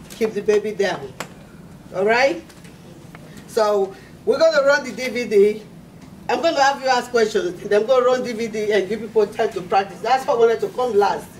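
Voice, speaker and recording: High-pitched guy running a cpr class, keeps asking okay?, echoey hall, mic far off. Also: darkish tone, slight background noise. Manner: plain, repeats key steps with frequent "okay?" checks. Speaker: CPR instructor. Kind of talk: live first-aid class. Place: large indoor conference hall.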